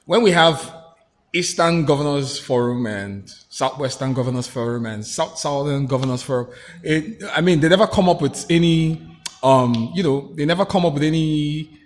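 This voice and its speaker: Opinionated male political commentator. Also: on the high side. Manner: opinionated, halting with restarts. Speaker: guest commentator. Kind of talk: political talk show discussion.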